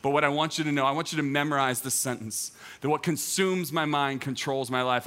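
A man's voice: medium pitch, pushed and bright. A man, a teaching pastor, preaching a sermon in an earnest way and repeating his key phrases for emphasis. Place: church auditorium, also streamed online.

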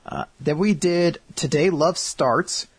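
A man's voice: a little high, slow, breathy edge. A man co-hosting a podcast, chatting casually and joking as he looks back on the series they covered. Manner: jokey, animated, laughs often. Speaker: podcast co-host.

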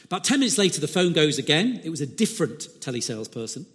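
Preacher in a reverberant hall. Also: male voice, a little high, fast talker. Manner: animated storytelling with voiced asides and rhetorical questions. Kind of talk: sermon. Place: church.

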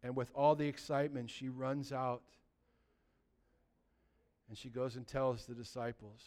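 A man preaching a sermon as pastor, animated and conversational, with lots of rhetorical questions, swinging from loud emphasis to hushed tones. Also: fairly high pitch, clear, resonant tone.

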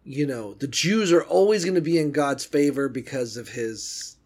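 A man's voice: mid-range voice, normal speed, a little mellow. A man co-hosting a casual comedy podcast, rambling and irreverent as he talks things over. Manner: rambling, irreverent, slips into mock voices. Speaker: podcast co-host.

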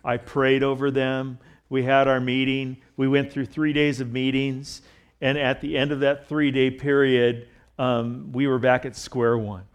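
A middle-aged man preaches in a church, his voice sitting in an ordinary middle pitch. He talks to the congregation in a relaxed, conversational way, trading jokes and personal stories and often restarting his sentences. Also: a little slow, clean tone, highs cut off. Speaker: pastor. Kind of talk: sermon.

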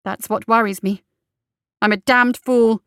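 A woman's voice: on the high side, fairly even intonation, a little slow, fairly bright tone, clean tone, dry recording, clean studio sound. A woman voicing a blunt, tough female fighter with clipped lines in an audiobook. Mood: curt, terse.

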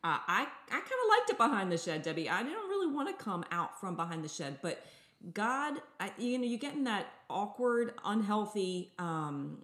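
A woman's voice: medium pitch, big pitch swings, normal speed, fairly bright tone, reverberant. A woman sharing a faith story earnestly, as co-host of a Christian talk show. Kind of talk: faith-based podcast chat.

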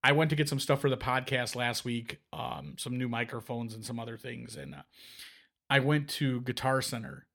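A male podcast host rambles through a story, stopping and restarting his sentences as he goes. His voice sits at an ordinary middle pitch, and he talks into a podcast microphone. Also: expressive, moderate pace, a bit bright. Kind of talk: casual chat.

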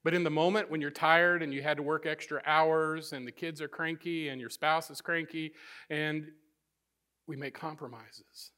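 Male pastor, middle-aged, sermon delivery; emphatic, builds with repetition, high and ringing tone. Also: steady tone, moderate pace, bright, forceful tone. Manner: emphatic, building repeated phrases.

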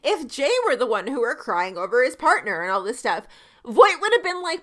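Bright high-voiced gushing young woman. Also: sing-song, normal speed. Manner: emotional, gushing reactions. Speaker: podcast co-host. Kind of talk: casual recap chat.

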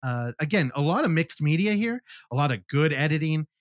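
A man's voice: on the high side, expressive, a little fast, no room sound. A man casually recapping a film on a podcast, animatedly acting out the characters' lines and swearing freely. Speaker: podcast host. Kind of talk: casual movie review chat.

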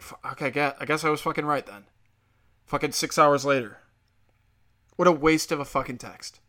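Solo podcast host, male, foul-mouthed sarcastic ranter, mid pitch, bright edge. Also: brisk. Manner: crude, ranting, sarcastic, mocking voices.

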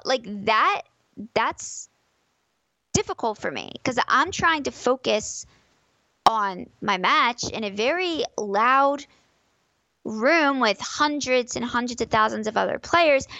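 A woman's voice: a little high, pushed and bright, dry recording, muffled recording. A woman talks as a podcast guest, pressing her points with emphasis and repeating phrases for weight. She is recorded close and dry, with no room sound. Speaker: podcast guest, competitive fighting game player. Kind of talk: casual podcast conversation.

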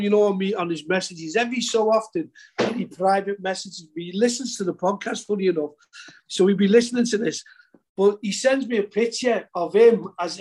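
A man's voice: high-pitched, darkish tone. An older man, chatting as a podcast co-host, rambling and repeating words. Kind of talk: casual chat.

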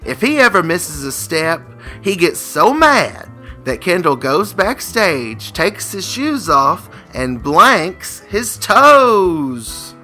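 A playful man co-hosting a comedic game segment, reading out jokes with a laugh never far off. His voice sits a touch high and rings bright and forceful. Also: big pitch swings, faint music behind. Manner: playful, quick to laugh, reads jokes aloud. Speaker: co-host.

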